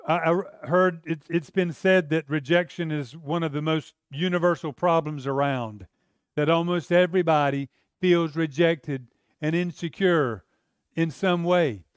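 A middle-aged man preaching in a relaxed, earnest, conversational way, stumbling and repeating words as he builds his points. His voice sits a little high for a man and sounds clear and resonant. The sound is dry and close, with no room around it. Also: unhurried, no room sound. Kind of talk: sermon.

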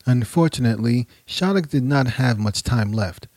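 A man's voice: mid-range voice, animated, a little mellow, no room sound. Man narrating history dramatically. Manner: measured, dramatic storytelling. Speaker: podcast narrator.

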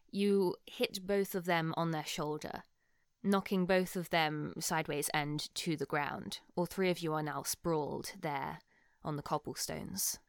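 A woman's voice: on the low side, no room sound. Woman game master with a dry sound. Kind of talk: narrating a tabletop game.

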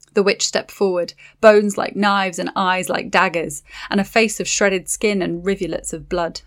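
Woman narrating dark fantasy. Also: fairly low pitch, steady tone, moderate pace. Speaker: audiobook narrator.

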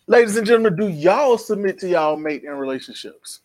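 Lively, teasing podcast co-host man. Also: high voice, a little fast, hardly any pauses, no echo, clean studio sound. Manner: loud, teasing, repeats questions for effect. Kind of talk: casual podcast banter.

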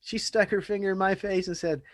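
A man telling stories in a casual podcast chat, animated and earnest. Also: high-pitched, brisk, dry recording, studio quality.

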